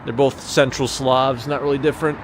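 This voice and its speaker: A man speaking a little fast at medium pitch, with little pitch movement, hosts a casual nighttime walking livestream outdoors, chatting and rambling with viewers. Recorded on a small handheld gimbal camera, the clip includes traffic noise and street ambience from the city around him.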